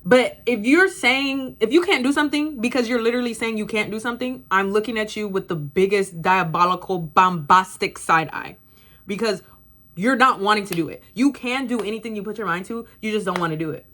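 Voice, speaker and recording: A young woman talks straight into her camera from her bedroom, sassy and emphatic. Her pitch sits at an ordinary middle for a woman. She is blunt and curses without hesitation. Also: a little fast, a bit bright. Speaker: vlogger. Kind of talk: casual motivational talk to camera. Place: bedroom at home, indoors. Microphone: camera facing her.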